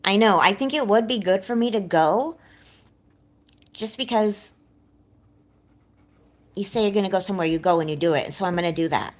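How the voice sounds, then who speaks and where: A woman's voice: medium pitch, normal speed, long pauses. A woman chatting candidly on a livestream, rambling and self-doubting, with a slight lisp that comes out when she is nervous.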